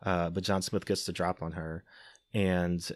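A low-voiced man recaps a film for a podcast, loose and wry, with frequent "um"s and quick laughs. The sound is dry and close, with hardly any room around him. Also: little pitch movement, no echo. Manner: wry, laughing, filler-heavy. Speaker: podcast host. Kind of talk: casual movie recap.

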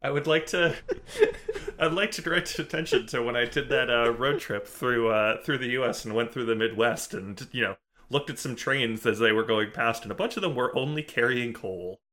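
Bright-voiced man recapping a show. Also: medium pitch, moderate pace. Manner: narrates plot with fillers and restarts, easily exasperated. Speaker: podcast co-host recapping episodes. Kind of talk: casual recap chat.

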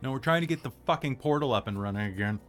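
A man's voice: mid-range voice, expressive, rapid-fire, a bit bright, soft background music, voice pushed up, lightly acted. A man voicing a hot-tempered young American man with a light voice who swears and complains. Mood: griping.

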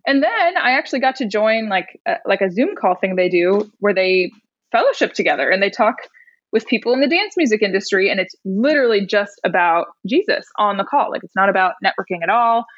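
A young woman from Indiana, telling a story as a podcast guest in an animated way, laughing often. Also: medium pitch, no room sound. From Indiana, USA. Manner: animated, laughing, quick restarts. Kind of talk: casual storytelling. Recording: dull lo-fi remote audio.

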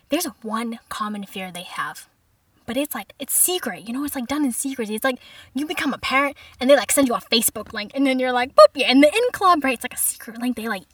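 A woman's voice: on the high side, husky, dry recording, distant mic. A woman in her twenties telling comic stories and trying out stand-up bits in a chatty, slangy way. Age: 20s. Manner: chatty, animated, full of "like" and slang. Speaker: comedic vlogger. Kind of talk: comedic storytelling and practice stand-up.

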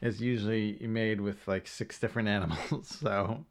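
A man's voice: fairly low pitch, steady tone, normal speed. A man co-hosting a podcast, rambling through stories in casual chat. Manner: rambling storyteller. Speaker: podcast co-host.

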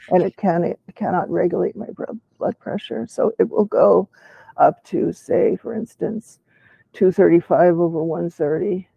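Husky, gravelly man with halting speech. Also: sits high, no echo, phone-quality sound. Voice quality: weak, poorly closing vocal cords. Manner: halting, with restarts and clinical terms. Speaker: participant in a patient discussion. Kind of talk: casual chat.

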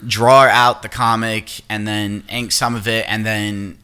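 A man's voice: fairly low pitch, level tone, unhurried, sharp tone, clean tone. A man hosting a casual podcast chat, rambling, swearing now and then and explaining at length. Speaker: podcast host.

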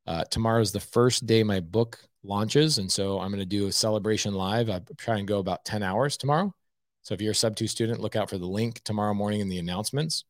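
A man's voice: lowish voice, fast, no echo, studio quality. A man hosting a live stream, giving blunt, emphatic coaching advice and saying "okay" often. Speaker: host.

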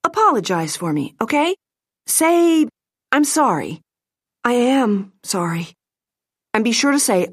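A woman's voice: fairly high pitch, slightly rough, no echo, studio quality, pitched above the performer's own voice. A woman voicing a distraught bride in her thirties who pleads urgently and is near tears.

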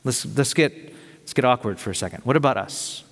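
A man pastor giving a sermon in an energetic, conversational way with casual slang. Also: mid-range voice, fairly quick. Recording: long reverb of a large hall.

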